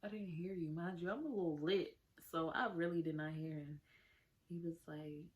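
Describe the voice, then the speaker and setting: A woman's voice: low voice, moderate pace, lo-fi sound. A young woman, chatting casually to camera as she tells a personal story and keeps calling her viewers "y'all". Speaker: storytime vlogger.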